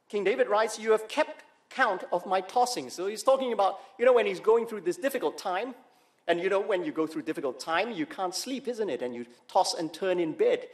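A male pastor delivering a sermon, emphatic, with slow dramatic pauses on key words and rhetorical questions to the congregation. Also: high-pitched.

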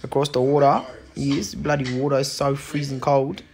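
A man's voice: mid-range voice, fairly even intonation, moderate pace, vocal fry, darkish tone. A young man hosting a casual band live stream, joking and reading out fan comments. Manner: chatty, jokey, reads out fan comments.

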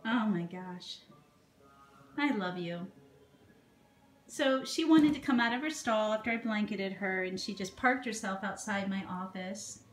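A woman's voice: mid-range voice, a little slow, faint music behind. A woman filming her horse in her office, chatting to it in a doting, baby-talk manner. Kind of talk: casual vlog talking to a horse. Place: indoor office beside a stable. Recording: echoey room with faint background noise.

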